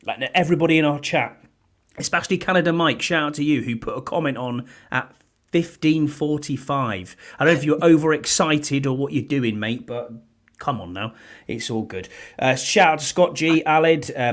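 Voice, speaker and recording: A British man co-hosting a sports podcast in a casual, chatty way, animated and calling everyone mate. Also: medium pitch, moderate pace.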